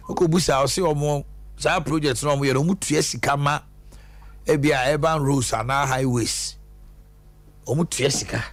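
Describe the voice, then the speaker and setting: A Ghanaian man hosting a phone-in radio show, talking in a lively back-and-forth with callers in a studio. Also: medium pitch. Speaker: radio host taking callers.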